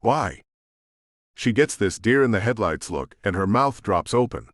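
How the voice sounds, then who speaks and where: A man narrating a romance audiobook in the first person, with an expressive reading. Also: on the low side, normal speed, no echo, clean studio sound.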